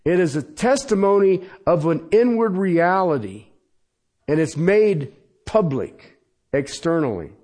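A man's voice: on the high side, sing-song, measured pace, mellow. A man preaching a sermon as pastor, emphatic and repetitive, often checking in with his listeners. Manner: emphatic preaching with sudden pace shifts and repeated "Okay?". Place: church.

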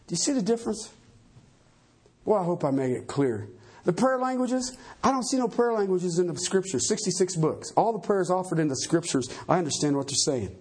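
A man preaching in a church, his voice very high and a little husky. He delivers the sermon with force and keeps throwing rhetorical questions at the congregation. His pitch climbs and drops all over the place as he drives each point home. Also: expressive, a little fast. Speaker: pastor.

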